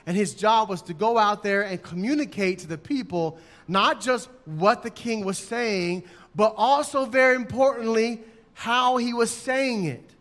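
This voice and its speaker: A man's voice: high voice, measured pace, a bit bright. A man preaching a sermon in an emphatic way, acting out his examples in raised voices. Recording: long hall reverb.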